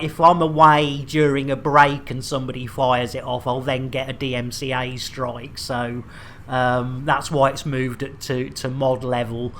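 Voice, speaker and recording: A man's voice: mid-range voice, a bit bright. Male streamer, chatty and jokey, addressing his viewers. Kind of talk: casual game streaming chat.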